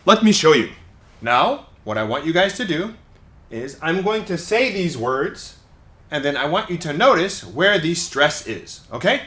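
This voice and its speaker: A man teaching English pronunciation to learners, leading clear, drawn-out repeat-after-me sound drills. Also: fairly high pitch, big pitch swings, a bit bright. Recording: echoey room.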